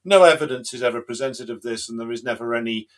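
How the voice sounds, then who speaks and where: A man's voice: mid-range voice, quick pace. A man hosting a live political stream, talking in an emphatic, combative way with frequent fillers. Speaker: host of a political livestream.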